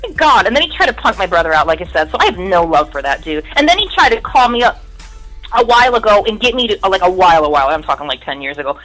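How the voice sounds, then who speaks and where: A woman's voice: on the low side, sing-song, quick pace, fairly bright tone, low-quality recording. A middle-aged woman telling stories from her music career in casual, profane talk, mimicking the people in them. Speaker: guest musician. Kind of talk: casual storytelling.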